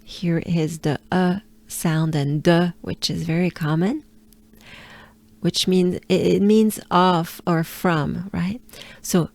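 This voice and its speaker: A woman's voice: fairly low pitch, steady tone, slow pace, gravelly, a little mellow, dry recording. A woman from France with a French accent, giving a patient pronunciation lesson and repeating each sound several times. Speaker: pronunciation coach.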